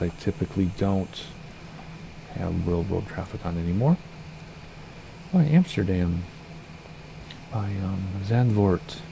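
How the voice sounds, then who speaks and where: A man streaming a flight simulator, chatting casually and rambling, with a slightly hoarse voice. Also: deep voice, mellow, slight background noise. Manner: chatty, rambling, self-correcting. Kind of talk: casual gameplay commentary.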